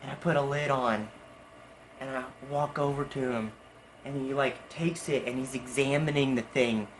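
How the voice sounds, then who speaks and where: A man's voice: mid-range voice, steady tone, normal speed, slight background noise. A hyper young man animatedly telling a story in his vlog, jumping between voices and asides. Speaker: vlogger.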